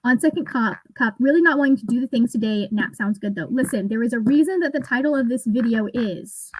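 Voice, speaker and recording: Chatty woman with a higher voice. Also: brisk, a little mellow, a little hiss or hum, rough recording. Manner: chatty, rambling, laughs often. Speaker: booktube host. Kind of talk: casual livestream chat.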